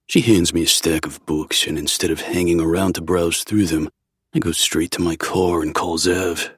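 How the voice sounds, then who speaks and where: A man narrating a first-person audiobook in a brooding, measured way. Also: low-pitched, level tone, slightly rough, no room sound, clean studio sound.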